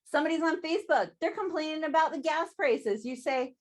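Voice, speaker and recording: A woman's voice: high voice, a little fast. A woman giving a chatty sales training talk over a video call, often laughing and asking "right?".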